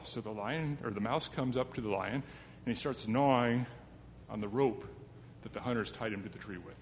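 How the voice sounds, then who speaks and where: A man of mid-range pitch tells an old fable to a young audience, chatty and self-deprecating, with asides to his listeners. His voice rings with a long hall reverb, and a faint hum sits underneath. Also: moderate pace. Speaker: storyteller.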